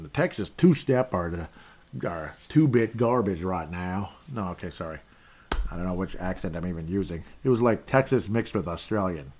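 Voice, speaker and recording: A man's voice: sits low, a little mellow. A man hosting a podcast, giving rambling and opinionated fan commentary in casual sports talk. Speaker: podcast host.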